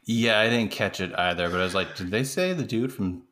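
A man's voice: on the low side, fairly quick, a bit bright. A man from the US Pacific Northwest co-hosting a casual movie podcast, tossing in wry jokes and short reactions. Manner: wry, joking interjections. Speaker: podcast co-host. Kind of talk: casual movie recap chat.

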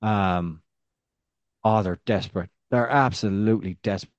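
A man co-hosting a casual football podcast, telling stories with lively restarts and a voice that rises when excited. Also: normal speed, no echo, lo-fi sound. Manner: animated storyteller, restarts, rising pitch when excited. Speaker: podcast co-host.

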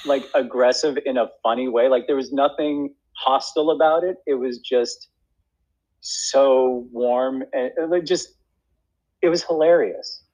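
A man chatting in an interview, halting and full of restarts, often breaking into laughter. His voice sits in a middle register. The recording sounds dull and lo-fi. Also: medium pitch, darkish tone. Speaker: actor and acting teacher. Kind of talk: casual interview chat.

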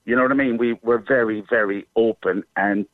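A middle-aged Irish man, a theatre performer, talking warmly and effusively in a radio interview, rambling with restarts. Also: on the low side, steady tone, fairly quick, dry recording. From Ireland. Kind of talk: casual interview chat. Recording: dry phone-like line.

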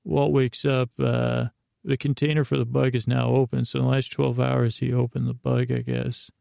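A man hosts a sleepy bedtime podcast, drifting through a meandering recap full of hesitations and asides. His low, mellow voice is thick with gravelly fry and stays nearly monotone. The recording is close and dry. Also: dry recording. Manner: drowsy, unhurried. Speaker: podcast host.

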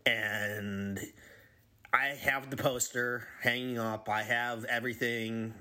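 A man in his forties giving an earnest, halting recorded message about a favorite memory as a longtime member of a music community. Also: medium pitch, little pitch movement, bright, forceful tone. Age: 40s.

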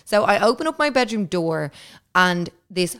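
A woman's voice: mid-range voice, lively intonation, moderate pace, a bit bright. A woman hosting a podcast, telling a story in a casual, chatty way, full of filler words and swearing. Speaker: podcast host.

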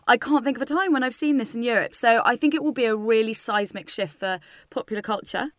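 A brisk woman trading teasing remarks as a podcast co-host. She talks quickly and swears freely, laughing between lines. The sound is close and dry, with no room around it. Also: on the high side, a bit bright, dry recording. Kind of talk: casual chat.

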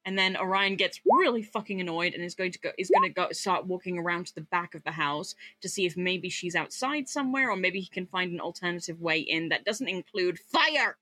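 A woman's voice: on the low side, expressive, brisk, few pauses, sharp tone, dry recording. A tired woman playing a tabletop role-playing game, who swears freely and laughs often. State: tired from lack of sleep. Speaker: player. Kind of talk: casual tabletop game play.

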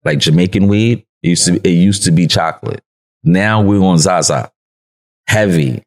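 Guest, male, New York accent, very low voice, easygoing slang storyteller who laughs a lot. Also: moderate pace. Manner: slangy and laid-back, laughs often, acts out quotes. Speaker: podcast guest. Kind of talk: casual interview storytelling.

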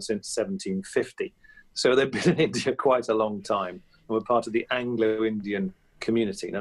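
A man in his fifties, a comedian talking as an interview guest, chatty and anecdotal, with frequent fillers and restarts. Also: on the low side. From England. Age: 50s. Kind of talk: reflective interview talk.

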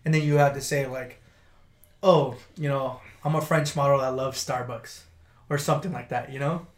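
A man's voice: medium pitch, fairly even intonation, normal speed, echoey room. A young man, a military veteran, telling stories in loose, profane casual chat full of "like" and fillers. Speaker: podcast co-host, military veteran.

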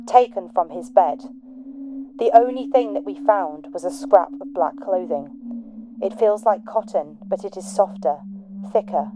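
A frantic, grieving parent pleads loudly over a missing child, as a woman reads the journal entry aloud. The voice sits warm and mellow against a noisy background hiss. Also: medium pitch, lightly acted. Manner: loud, pleading and urgent. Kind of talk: reading an old journal aloud.

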